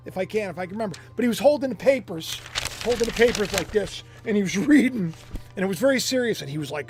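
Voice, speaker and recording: A man's voice: sits high, animated, fast talker, breathy edge, soft background music. A man hosting his own online commentary show, rambling in a casual, jokey way and often repeating himself. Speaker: YouTube commentary host.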